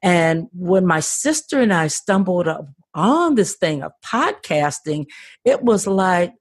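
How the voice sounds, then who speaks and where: A woman's voice: on the low side, sing-song, a little slow, slightly rough. An older woman, a podcast guest, telling her story with passion and frequent restarts over a remote call. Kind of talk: conversational interview.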